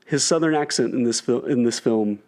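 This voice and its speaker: A man co-hosting a podcast, chatting casually about a film in an animated, wry way and swearing freely. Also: medium pitch, a little fast. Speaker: podcast co-host. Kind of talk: casual film review chat.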